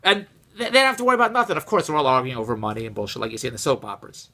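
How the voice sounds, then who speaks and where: A man telling a casual personal story, rambling and repeating himself, rising and getting louder when exasperated. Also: medium pitch, racing. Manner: animated, rises and gets louder when exasperated.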